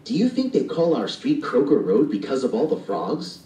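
A man's voice: mid-range voice, huge pitch swings, moderate pace, mellow, roomy sound, far from the mic, pitched above the performer's own voice. A man voicing an eager, earnest little boy who is a younger brother, in a storybook reading.

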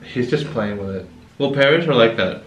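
A man's voice: medium pitch, expressive, normal speed, reverberant, lo-fi sound, slight background noise. A man chatting casually at a shared meal, throwing in dry, teasing asides. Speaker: vlogger's partner. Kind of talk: casual chat.

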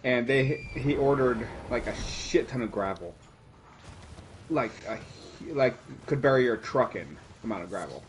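A man in casual chat, telling a story in a relaxed way and laughing along. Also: mid-range voice, normal speed, slight background noise.

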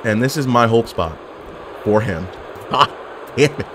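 Excitable man trash-talking over a game. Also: medium pitch, unhurried, pauses often, background noise. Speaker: gaming commentator. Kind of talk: casual game commentary.

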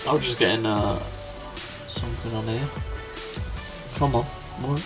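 A young gaming YouTuber casually commentates on a football management game in a mid-range voice. He's chatty and excitable, with quick laughs and exclamations over faint background music.

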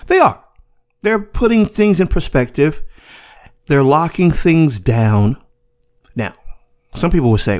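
A man hosting his own show, talking in an emphatic, swearing monologue. His pitch swings widely as he presses his points, often repeating himself. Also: wildly swooping pitch, normal speed, long pauses, darkish tone. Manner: emphatic, repetitive, profane. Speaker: podcast host. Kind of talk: casual commentary monologue.

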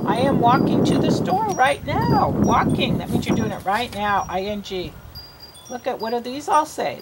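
A woman's voice: a little high, noisy background. A woman reading teacher giving a patient one-on-one reading lesson, sounding out words and coaxing a child along.

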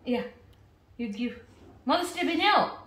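A woman's voice: high-pitched, lively intonation, measured pace, a bit bright, reverberant, slight background noise. A woman playing with her child in a home video, coaxing and singing in sing-song baby talk.

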